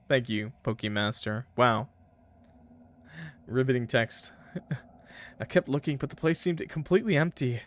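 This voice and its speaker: A man streaming a game, reading its text aloud in first person and breaking off for joking asides to his chat. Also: a little high. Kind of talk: reading a game's text aloud with live commentary.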